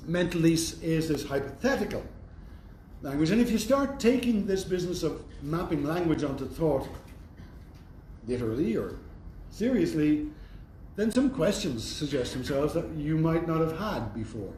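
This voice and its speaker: A man's voice: a little high, lively intonation, normal speed, warm tone. Man, university lecturer, thoughtful, wry, echoey room, faint hiss. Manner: thoughtful, conversational, wry asides. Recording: roomy echo, faint background noise.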